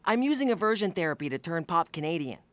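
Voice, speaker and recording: A woman's voice: fairly low pitch, big pitch swings, fast, very noisy. A woman voicing an earnest, lecturing know-it-all young son in a cartoon.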